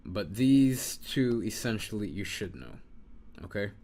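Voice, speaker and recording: A man's voice: lowish voice, lively intonation, a little slow, a little mellow. A man teaching an informal lesson, patiently repeating sounds and muttering to himself while he writes. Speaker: Hebrew teacher.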